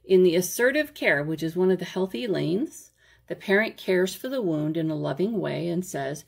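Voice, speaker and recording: Woman, low husky gravelly voice, casual workbook walkthrough, conversational, frequent "okay?". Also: expressive, moderate pace, a little mellow. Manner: conversational, checks in with "okay?", self-correcting. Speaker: parenting workbook presenter.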